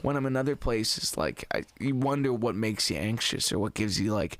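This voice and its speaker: A man from the Cincinnati area in casual podcast conversation, animated and opinionated, cracking jokes and swearing a little. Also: lowish voice, moderate pace, dry recording. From Cincinnati area, USA. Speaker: podcast guest musician.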